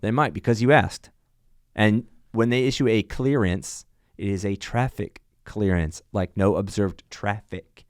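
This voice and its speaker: A man's voice: on the low side, unhurried, no room sound, studio quality. A man who flies for an airline, chatting in a podcast and telling emphatic stories about flying. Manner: animated storyteller, emphatic. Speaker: airline pilot guest. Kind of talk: casual podcast chat.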